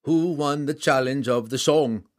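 A man's voice: medium pitch, unhurried, pitched above the performer's own voice, natural voice. Firm, emphatic warrior king for a storybook, read by a man. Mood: defiant.

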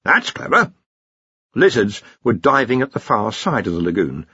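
A man narrating a fantasy audiobook in an expressive storytelling manner. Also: fairly low pitch, normal speed, husky, dry recording. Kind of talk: scripted narration. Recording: dry, slightly muffled recording.

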